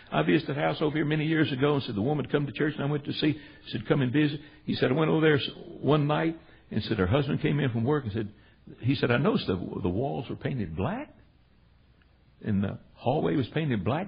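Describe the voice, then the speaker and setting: A man's voice: a little high, creaky, lo-fi sound, a little hiss or hum. A middle-aged man preaching a storytelling sermon, retelling stories in a folksy, emphatic way and teaching from the Bible.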